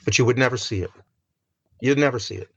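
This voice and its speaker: A man's voice: medium pitch, fast talker, fairly bright tone, slightly rough, no room sound. An older man giving an informal scripture lecture, conversational, with many fillers and asides to his listeners, acting out quoted questions. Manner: acts out quoted questions in a raised voice.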